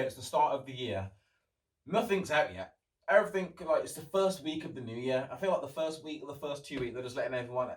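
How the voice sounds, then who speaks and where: A man's voice: medium pitch, distant mic. A young man hosting a casual solo podcast, rambling and chatty and swearing freely. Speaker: podcast host. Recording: roomy, off-mic sound.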